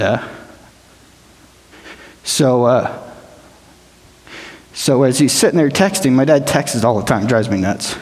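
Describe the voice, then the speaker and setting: A man telling his personal testimony to a church gathering, plain-spoken and emotional, often halting and repeating himself. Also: mid-range voice, darkish tone. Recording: long hall reverb.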